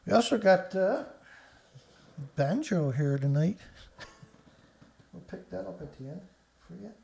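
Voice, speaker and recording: Gravelly sarcastic man hosting a live show. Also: on the high side. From Canada. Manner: sarcastic, rambling, scoffs at headlines. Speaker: host of a live news commentary show. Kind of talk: casual live-stream commentary.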